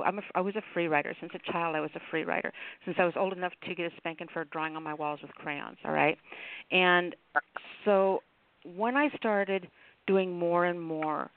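A man hosting a radio show, talking in a loose, rambling, chatty way. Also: on the high side. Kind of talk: casual on-air chat. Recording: tinny phone-line sound.

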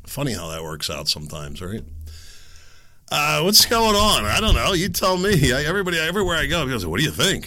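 A man hosting his own podcast, talking in a chatty, self-deprecating way with quick asides. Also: a little high, sing-song, bright, forceful tone. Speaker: podcast host. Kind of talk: casual monologue.

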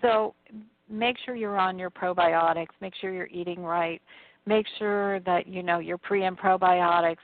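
A woman psychic medium giving a reading in casual chat, hedging and gently advising. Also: on the low side, fairly even intonation, measured pace, dry recording. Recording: tinny dry phone line.

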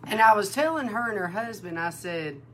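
A woman minister giving a sermon-style testimony, animated and emotional, acting out the dialogue in her story. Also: medium pitch, moderate pace, slight background noise. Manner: emotional, near tears. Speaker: prophetic minister.

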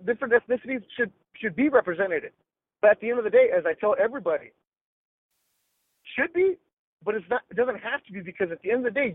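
High-voiced blunt man on a tinny line. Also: dry recording. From Los Angeles. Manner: blunt, emphatic, slangy. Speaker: guest sports broadcaster. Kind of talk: casual podcast interview. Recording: tinny phone-like line, dry.

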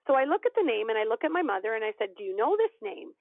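A woman guest telling a personal story in an animated way, acting out the voices of the people in it. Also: on the high side, rapid-fire, no echo. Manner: animated storyteller, acts out quoted dialogue. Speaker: podcast guest. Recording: tinny phone-line audio, dry.

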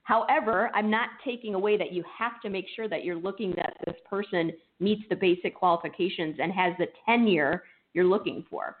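A woman's voice: mid-range voice, brisk, few pauses. Blunt woman speaking over a phone line. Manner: blunt, firm in disagreement. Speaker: recruiter and co-host. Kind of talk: casual chat.

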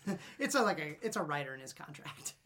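A woman co-hosting a casual movie podcast, animated and laughing often, with quick asides. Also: low voice, a little hiss or hum. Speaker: podcast co-host.

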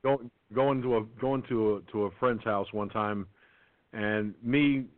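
A man's voice: lowish voice, a little slow, dry recording. A man hosting a call-in radio talk show, telling stories and breaking into cheesy impressions, heard over a phone-line connection. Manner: storytelling, slips into cheesy impressions. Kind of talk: casual chat.

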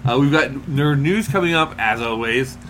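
A man's voice: medium pitch, lively intonation, moderate pace, a bit bright. A male podcast host chats in a loose, joking way, running down the show ahead. His voice sits in a middle register. Faint noise hums under him. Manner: jokey, rambling. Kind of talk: casual podcast chat.

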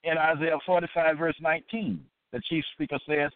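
A man's voice: fairly high pitch, little pitch movement, dry recording. Male Bible teacher, emphatic preaching delivery, dry close sound, thin phone-line quality. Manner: emphatic and deliberate, repeating points. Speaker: Bible teacher hosting an episode.

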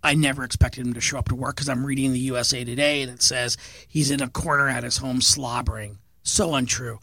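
A middle-aged man with a gravelly, creaky voice tells stories on a podcast. He is earnest and eager, often repeating a word before going on. The sound is dry and close, with almost no room. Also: medium pitch, steady tone, a little fast, bright, forceful tone, no echo. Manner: earnest, eager storyteller who repeats words as he goes. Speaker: business owner and podcast guest. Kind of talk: storytelling in a podcast interview.

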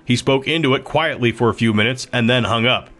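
A man narrating a novel in a steady, even storytelling manner. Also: mid-range voice, brisk. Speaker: audiobook narrator. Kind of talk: scripted narration.

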